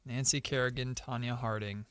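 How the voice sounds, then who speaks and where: Male radio co-host, bright voice, playful and quick to laugh. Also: mid-range voice, steady tone, clear, resonant tone, dry recording. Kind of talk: casual studio banter. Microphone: studio mic, dry.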